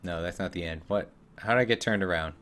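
A man's voice: low-pitched, quick pace, fairly bright tone, slight background noise. A man streaming a video game, making casual, sarcastic commentary with joking asides. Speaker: gaming streamer.

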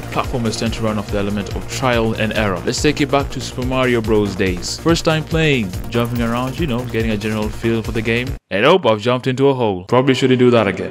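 A man giving excitable, swearing commentary over gameplay and reviewing the game. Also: mid-range voice. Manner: loud excitable outbursts, swearing. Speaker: gaming YouTuber.

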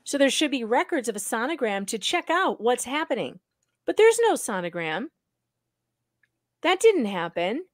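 A woman hosting a live stream, skeptically arguing her point step by step with quick restarts. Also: on the high side, sing-song, no room sound, studio quality. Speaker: livestream host. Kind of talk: casual live-stream commentary.

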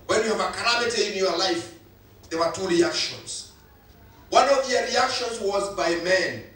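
A man's voice: high-pitched, lively intonation, moderate pace, a bit bright. A male pastor, preaching a sermon with emphatic repetition. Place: church hall. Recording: echoey hall, voice from far off.

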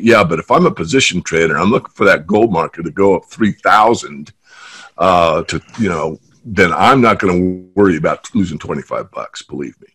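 A man's voice: low voice, normal speed, husky. A man from the San Francisco Bay Area, a trader guest telling stories and jokes in a casual interview. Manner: animated storyteller, jokes.

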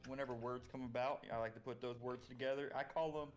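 A man's voice: medium pitch, steady tone, fast, lightly acted. Man doing a folksy pun-loving adventurer. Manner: drawling, folksy, hesitant with fillers. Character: jovial pun-loving male earth-folk adventurer. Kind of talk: tabletop role-play.

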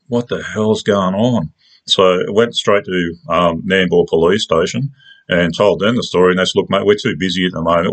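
A man's voice: low-pitched, a bit bright. A man with an Australian accent, telling a personal story in a casual, rambling, colloquial way. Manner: rambling, colloquial, with many restarts.

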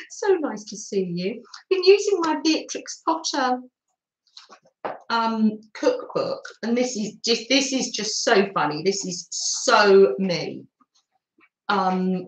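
A woman vlogger chatting casually on a live stream, giggling often and talking warmly to viewers and her dogs. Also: on the high side, reverberant, poor audio. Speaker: craft vlogger. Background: pet dogs nearby.

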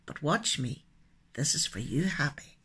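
A woman voicing the sun as a gentle spirit that speaks in a small, soft voice in a children's story. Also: sits low, lively intonation, breathy edge, voice pushed down, full character voice. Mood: solemn. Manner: small soft voice, then grand and slow.

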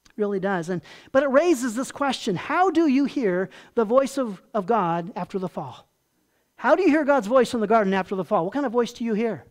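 A pastor preaching a sermon in a folksy, conversational way, asking the congregation questions and dropping soft and low on tender points. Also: animated, a little fast.

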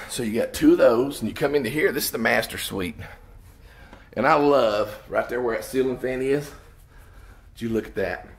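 A man giving an excited, salesy walkthrough tour of a house, exclaiming over its features as he moves from room to room. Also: mid-range voice. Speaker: home salesman. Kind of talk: enthusiastic home walkthrough tour. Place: inside an empty house, room to room. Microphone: handheld 360 camera. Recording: echoey empty rooms, faint noise.

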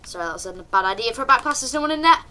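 A young woman, chatting through live gameplay commentary with sudden excited yelps and calls to her teammates. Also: a little high, rapid-fire, slight background noise. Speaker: streamer.

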